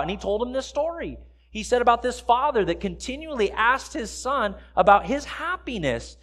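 A man's voice: very high-pitched, lively intonation, normal speed. A man preaching a sermon in a church, talking in a conversational way and putting questions to the congregation. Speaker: pastor. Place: church sanctuary.

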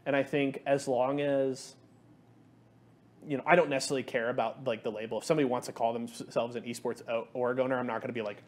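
A man's voice: medium pitch, flat delivery, fast. A man co-hosting a gaming podcast, talking in a laid-back, frank way with casual swearing. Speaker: podcast co-host. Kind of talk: casual chat.

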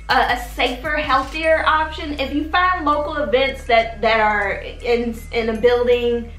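A woman's voice: fairly high pitch, fairly bright tone. A woman hosting a casual advice vlog, chatty and talking straight to her viewers, checking in with "okay?" all the time. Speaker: vlogger, channel host. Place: her home in Texas. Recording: roomy room with faint background music.

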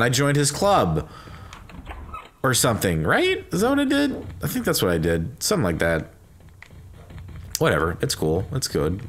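Brief: male game commentator, bright forceful tone, lively swings, crude loud outbursts, faint background hiss. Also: medium pitch. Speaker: gaming commentator. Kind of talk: let's play commentary.

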